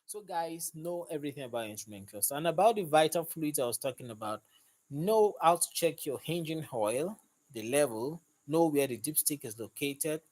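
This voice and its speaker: A man's voice: on the high side, lively intonation, moderate pace, a little mellow. Upbeat man chatting on a live stream. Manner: upbeat, greets and thanks viewers by name. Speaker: mechanic hosting a live stream. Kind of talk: casual live-stream chat. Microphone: phone held in hand.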